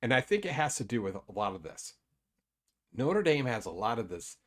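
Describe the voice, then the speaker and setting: A man co-hosting a sports podcast who talks things through in loose, unhurried chat. He restarts his sentences and fills the gaps with ums and you-knows. His voice sits at an ordinary middle pitch. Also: very animated. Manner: rambling, hesitant, with many fillers. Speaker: podcast co-host.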